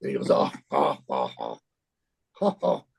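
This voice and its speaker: Gravelly husky older man telling a story. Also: very deep voice, huge pitch swings. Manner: rambling, profane, halting with repeats and laughs. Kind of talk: anecdotal storytelling in an interview.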